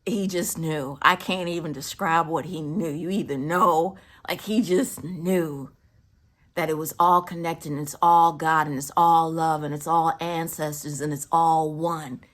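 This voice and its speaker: A woman's voice: low-pitched, fairly even intonation, unhurried. A woman telling a personal story in a casual, reflective way, often dropping into whispers for emphasis. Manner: reflective, spiritual musing.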